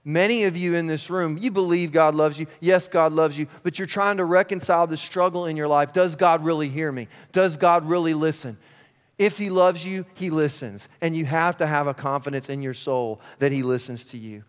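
A man preaching a sermon in church, conversational and energetic with laughing asides. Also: fairly high pitch, moderate pace, smooth. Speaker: pastor. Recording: long reverb of a large hall.

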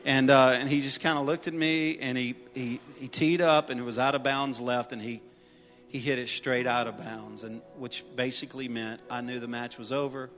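Bright-voiced preacher man in a reverberant hall. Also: mid-range voice, fairly even intonation, moderate pace, soft background music. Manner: storytelling with humor, building to loud exhortation. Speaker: pastor. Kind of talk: sermon with personal stories. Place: church sanctuary. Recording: long reverb of a large hall.

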